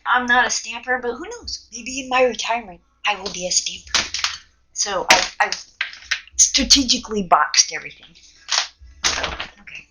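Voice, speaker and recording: A middle-aged woman hosting a casual art demo, excitable and swearing freely as she works, in her home studio. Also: on the high side, moderate pace, pauses often. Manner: excitable, swearing, gasps and laughs at the results. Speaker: art tutorial host. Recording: loud heat gun noise behind.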